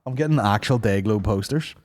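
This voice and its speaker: A man hosting a podcast, swearing through animated, casual banter. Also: on the low side, a little fast, a little hiss or hum. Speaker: podcast host. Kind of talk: casual chat.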